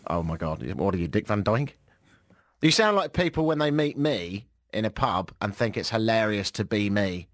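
A man's voice: lowish voice, expressive, moderate pace, no room sound. A man hosting a radio show, reading odd news stories aloud with dry, mocking asides. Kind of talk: wry radio news segment.

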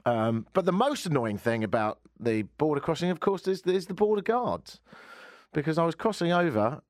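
A man from the United Kingdom hosts a casual radio chat show, dropping wry, self-mocking asides. His pitch swings widely as he talks. The sound is dry and close, with no room echo. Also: very animated, normal speed. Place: radio studio. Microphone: studio microphone.

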